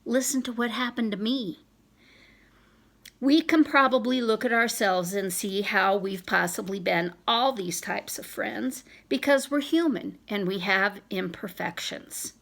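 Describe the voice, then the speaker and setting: Woman vlogger reading self-help stuff aloud, earnest, lots of vocal fry. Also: medium pitch, unhurried, hardly any pauses, a bit bright. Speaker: business vlogger.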